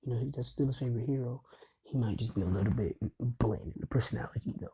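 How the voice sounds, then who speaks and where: A man's voice: medium pitch, fast, mellow, slightly rough, poor audio. A young man casually retelling a fan story in a rambling way, full of fillers and "he's like".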